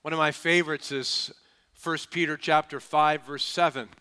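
Brief: male pastor, bright and forceful voice, folksy, emphatic sermon delivery. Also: fairly high pitch, steady tone, normal speed, smooth. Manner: emphatic, calls for audience responses; folksy and humorous.

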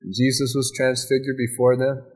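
A male pastor delivers a sermon in a mid-pitched voice. He preaches emphatically, building repeated phrases and leaning on dramatic pauses. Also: little pitch movement, a little mellow.

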